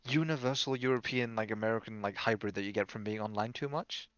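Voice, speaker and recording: A man's voice: lowish voice, quick pace, a bit bright, no room sound, highs cut off. A young man co-hosting a podcast in casual chat, teasing his friends and swearing freely. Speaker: podcast co-host.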